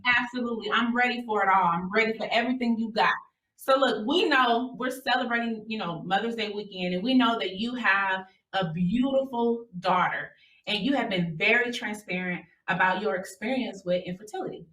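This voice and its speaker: A woman's voice: medium pitch, brisk, a bit bright. A woman co-hosting a faith talk show, chatting in an enthusiastic, informal way. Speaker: co-host. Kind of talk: casual chat. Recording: echoey room, voice from a distance.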